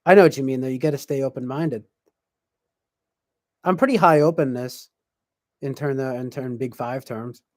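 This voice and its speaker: A man's voice: mid-range voice, moderate pace, long pauses, no room sound, clean studio sound. A man hosting a podcast, talking in a casual, rambling way with lots of fillers and restarts. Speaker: podcast host.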